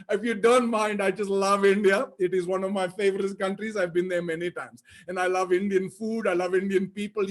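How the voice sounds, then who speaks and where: A very high-pitched man hosts an online conference. He keeps the tone playful and upbeat, teases his audience and reels off the names of people checking in. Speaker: conference host. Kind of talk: energetic virtual event hosting.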